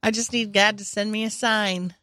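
A woman's voice: medium pitch, steady tone, normal speed, bright, forceful tone. A woman comedian in casual chat, dropping dry, wry remarks. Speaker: podcast co-host, stand-up comedian.

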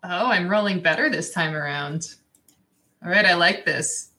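A woman's voice: lowish voice, normal speed, pushed and bright. A woman playing a tabletop game, chatty and joking. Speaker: player. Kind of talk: casual tabletop role-play.

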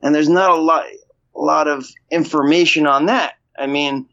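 Male actor guest, fairly high voice, casual rambling delivery, dull lo-fi recording. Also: fairly even intonation, normal speed, fairly bright tone. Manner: rambling, restarts, frequent "you know". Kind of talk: casual interview talk. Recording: dull lo-fi sound.

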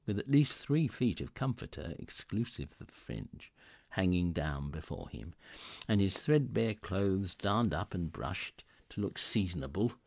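Creaky, expressive male storyteller. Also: sits low, no room sound, studio quality. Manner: expressive, theatrical. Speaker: narrator. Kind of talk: dramatic reading of a classic novel.

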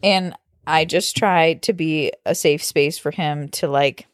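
A young woman talks earnestly and frankly in casual chat, explaining her view. Her voice sits on the lower side. The recording is dry and close. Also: takes it slowly, dry recording.

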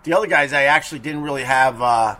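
A man's voice: medium pitch, quick pace, pushed and bright, a little hiss or hum. A man hosting a podcast, telling a story in a chatty, profane way and acting out quoted people with raised voices. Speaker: podcast host. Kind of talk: casual storytelling monologue.

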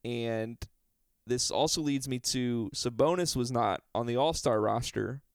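Guy cohosting a podcast, talks fast and explains stuff, smooth clear voice, dry close sound. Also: mid-range voice, dry recording. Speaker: podcast co-host. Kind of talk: casual chat about basketball.

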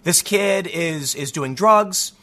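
A man's voice: sits high, slow pace, sharp tone. A man from the US Midwest giving a heated, sarcastic opinion monologue as a political commentator, reading news excerpts aloud and often restarting his words. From Chicago, US.

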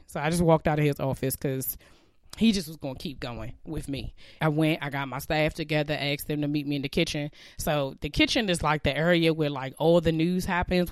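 A woman's voice: low-pitched, moderate pace, a little mellow, no room sound, studio quality. A woman in her thirties sharing a heartfelt, reflective personal faith testimony about leaving her job.

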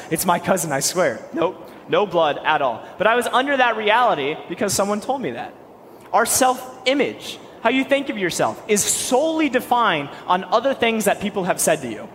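A young man preaching a sermon, animated and quick-talking, with joking asides. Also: very high voice, big-room sound, slight background noise.

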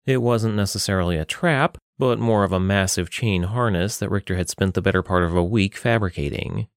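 A man reading a fantasy story aloud in a steady, measured way. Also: low voice, no room sound, clean studio sound. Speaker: narrator. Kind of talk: fantasy audiobook narration.

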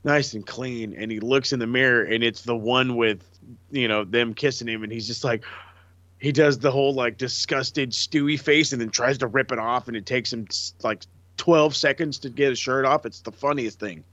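Profane, animated man with a dull lo-fi sound. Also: mid-range voice, normal speed, no echo. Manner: animated, profane, acts out quotes. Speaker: podcast co-host. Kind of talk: casual wrestling chat. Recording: dull lo-fi dry mic.

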